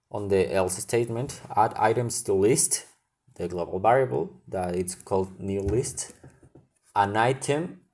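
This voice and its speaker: A young man talks through a student app demo in a somewhat low voice. He goes step by step and thinks aloud as he clicks through each screen. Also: darkish tone. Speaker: student presenting a class project.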